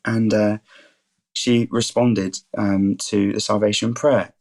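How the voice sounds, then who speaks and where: A 21-year-old student and rugby player, appearing as a podcast guest, eagerly tells faith stories and keeps calling things awesome. His voice is lowish and darkish, with a flat delivery, and he takes his time.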